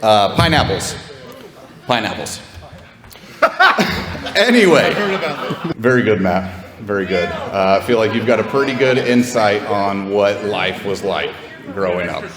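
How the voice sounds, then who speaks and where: Low-voiced male emcee, echoey hall. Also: expressive, unhurried, long pauses. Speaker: emcee of the roast. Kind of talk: introducing speakers. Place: large echoey party hall with audience. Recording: echoey hall, loud crowd and music.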